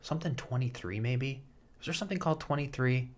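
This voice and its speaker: A man's voice: mid-range voice, quick pace, a little hiss or hum. A man in his thirties chatting casually as a podcast co-host, rambling with many fillers and restarts. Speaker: podcast co-host, soap actor. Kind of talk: casual chat.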